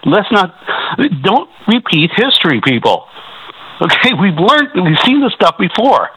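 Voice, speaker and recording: A worked-up Canadian man calling a radio show, his voice bright and forceful. He trips over his words and restarts often as he argues. It sounds like a radio phone-in broadcast. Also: high-pitched, sing-song, unhurried, husky, dry recording, low-quality recording. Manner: agitated, repetitive, stumbling restarts. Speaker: caller. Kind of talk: call-in radio talk.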